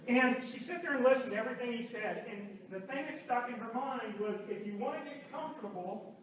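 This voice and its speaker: A man from Oklahoma telling lively stories as a speaker at a business meeting, speaking to a live room and acting out quotes. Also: very high voice, moderate pace. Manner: animated storytelling with acted quotes. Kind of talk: motivational talk to a live room. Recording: roomy far-off hall recording.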